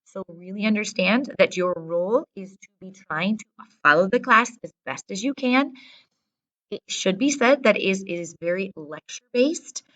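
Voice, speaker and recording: A woman's voice: mid-range voice, fairly bright tone. Woman teacher, mic at a distance. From American Midwest. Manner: direct, instructive, often checks in with "okay?". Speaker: Spanish teacher. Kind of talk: classroom briefing to students.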